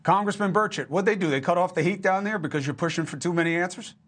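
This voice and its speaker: Male news host, conversational, punchy, slightly high-pitched. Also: fast talker, a bit bright. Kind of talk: cable news presenting.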